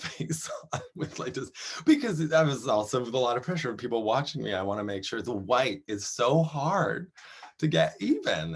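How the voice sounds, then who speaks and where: A man in his thirties, from Canada, speaks in a deep, low voice. He talks through a casual interview in an animated, rambling way, full of fillers and quick laughs. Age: 30s. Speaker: performer and interview guest.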